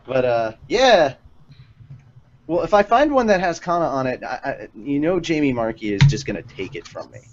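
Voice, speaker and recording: A man's voice: a little high, sing-song, normal speed, highs cut off, a little hiss or hum. A man hosting a casual podcast, laid-back, reading out listener questions. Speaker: podcast host.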